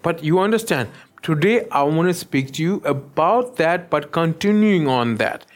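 A pastor preaching a sermon, often stopping to check that the listeners follow him. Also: male voice, fairly high pitch, lively intonation, normal speed. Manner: keeps checking in with the listeners, asking "yes?".

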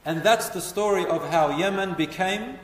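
A man telling a history story as a lecture, animated and putting questions to his listeners. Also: high-pitched, moderate pace. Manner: animated, asks the audience questions. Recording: echoey hall, voice from far off.

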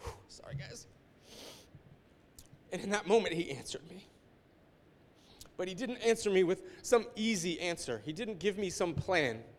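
A man preaching a sermon as a pastor, emotional, moving between hushed, near-whispered passages and forceful climaxes. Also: sits high, expressive, unhurried, long pauses, long reverb tail, a little hiss or hum.

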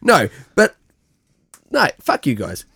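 A man with a New Zealand accent co-hosting a casual podcast chat, animated and laughing, swearing freely. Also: fairly high pitch, takes it slowly, creaky, slightly rough, no room sound, studio quality. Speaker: podcast co-host.

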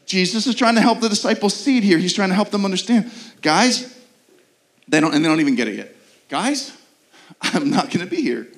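A man preaching a sermon as pastor, earnest, with rhetorical questions and quick repeated restarts. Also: sits high, animated.

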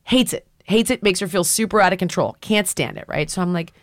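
Animated storytelling woman, dry sound. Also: fairly low pitch, brisk, dry recording. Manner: animated storyteller, acts out quotes. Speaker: podcast host. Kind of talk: storytelling in casual chat.

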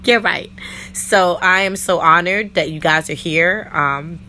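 A woman from New York hosting her own faith podcast, chatty and playful, talking straight to her listeners while her voice is a bit rough this week. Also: lowish voice, a little slow, sharp tone, a little hiss or hum. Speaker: podcast host. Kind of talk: solo faith podcast monologue.

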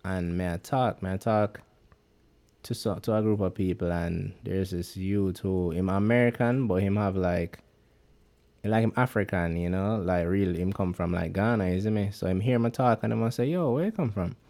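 A man's voice: sits low, fairly even intonation, moderate pace, warm tone. A man with a Jamaican accent, chatting casually as a podcast co-host in a rambling patois style. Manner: rambling Jamaican patois speech, many fillers. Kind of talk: casual chat.

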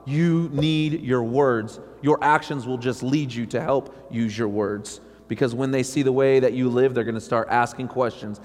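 A man preaching a sermon as pastor, talking conversationally and acting out quotes, with sudden loud rises. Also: medium pitch. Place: church sanctuary. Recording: long reverb of a church hall.

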